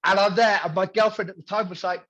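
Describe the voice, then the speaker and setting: A man's voice: sits high, quick pace, dull audio. A man in his thirties, a podcast guest, telling his own story candidly and acting out the voices of others. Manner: animated, acts out dialogue in quoted voices.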